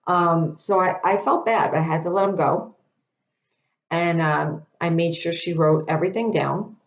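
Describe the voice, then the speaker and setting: A woman speaking as a psychic medium, chatty and animated with many fillers and restarts, her throat dry. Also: fairly low pitch, moderate pace, muffled recording. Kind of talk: casual storytelling to camera.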